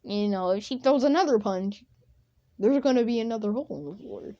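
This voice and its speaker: Woman doing a calm, cocky ninja boy. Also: fairly high pitch, fairly quick, gravelly, highs cut off. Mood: calm threat.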